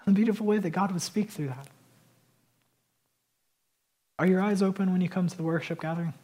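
A man preaching a sermon as pastor, swinging between emphatic loud declarations and quieter conversational asides. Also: sits high, rapid-fire, breathy edge.

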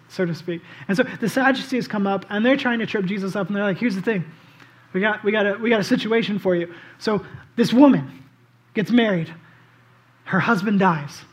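A man preaching a casual, conversational sermon as pastor. He tells the story in an animated way and often says "like" and "um". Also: high-pitched. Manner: animated storytelling, acts out quoted voices; casual, with frequent "like" and "um".

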